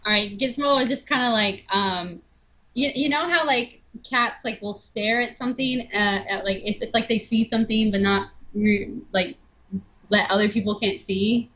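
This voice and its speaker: Bright-voiced chatty female player. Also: medium pitch, normal speed, dull audio. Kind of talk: casual tabletop role-play.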